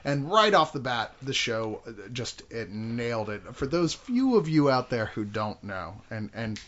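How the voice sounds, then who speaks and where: A man talking casually on a podcast, cracking crude jokes and laughing often. His pitch swings up and down freely. The audio sounds muffled and lo-fi. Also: very animated, unhurried, a bit bright. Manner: laughing, joking, profane banter. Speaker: podcast host. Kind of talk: casual chat.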